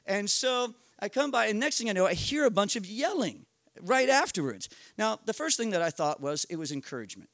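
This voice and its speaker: A middle-aged American man telling a comic story at a live storytelling night, animated, profane and self-mocking, building tension with quick run-on narration. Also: high voice, no room sound, clean studio sound. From United States. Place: live storytelling event at a bar.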